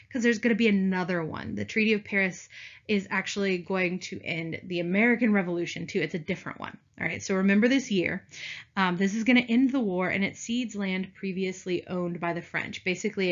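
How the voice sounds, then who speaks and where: A young woman gives a casual history video lecture with a chatty, playful manner, often turning to her class. Her voice sits at an ordinary middle pitch. The recording sounds dull and lo-fi. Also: a bit bright. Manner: chatty, addresses class as "you guys", playful asides. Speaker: history teacher.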